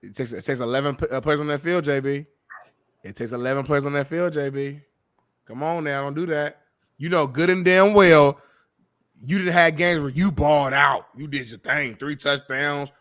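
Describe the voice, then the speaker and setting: A man's voice: medium pitch, dry recording, clean studio sound. A man co-hosting a casual sports talk show, telling stories with lots of laughter. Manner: laughs often, animated storytelling. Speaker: co-host.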